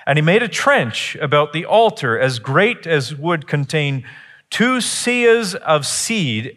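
A man preaching a sermon, retelling a scripture story with lively, animated delivery and acted-out quotes. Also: long reverb tail. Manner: animated storytelling, acts out quotes with rising pitch. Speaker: pastor.

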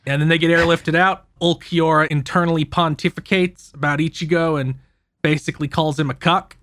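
A man hosting a podcast who casually recaps an anime, telling it in an animated, profane way. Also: on the high side, a little fast, dry recording. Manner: animated, profane storytelling with frequent laughs. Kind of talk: casual chat.

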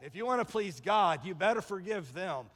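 Here a pastor with a high-pitched male voice speaks at normal speed, animating his sermon's stories and imitating the voices of those in them. It's captured in a church sanctuary with long hall reverb.

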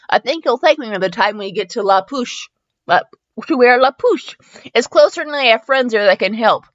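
Lady doing a funny fanfic read-aloud, lively swoopy voice, kinda muffled lo-fi mic. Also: a little high, normal speed, no room sound. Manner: animated, breaks into laughter and mock outrage. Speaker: host reading fanfiction aloud. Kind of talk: comedic dramatic reading with commentary. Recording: dull lo-fi dry recording.

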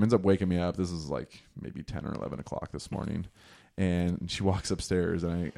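A man's voice: sits low, creaky, a little mellow. A young man casually telling a rambling, profane, self-deprecating story in a podcast chat.

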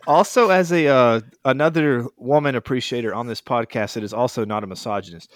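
A man co-hosting a sports podcast, giving opinions in lively casual chat. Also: mid-range voice, brisk, slight background noise. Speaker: podcast co-host.

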